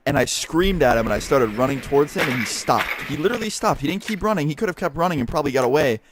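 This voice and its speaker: A man's voice: a little high, quick pace, background noise. A young man, a YouTuber, telling a story casually and animatedly, with lots of swearing. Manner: animated, profane, heavy swearing. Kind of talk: casual storytelling over gameplay. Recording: game sounds and gunfire behind voice. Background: gunfire and clicks from a game.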